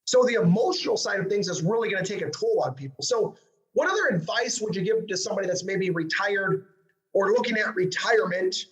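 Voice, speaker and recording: A high-voiced man hosts the show and talks at a rapid clip. He is excitable, stumbling through restarts and tag questions as he builds toward his next question. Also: lo-fi sound. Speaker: show host and financial advisor. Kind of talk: interview hosting.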